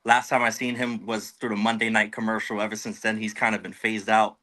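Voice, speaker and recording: Easygoing male caller, bright-toned, speaking earnestly. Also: lowish voice, flat delivery, fairly quick. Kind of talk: casual fan call-in.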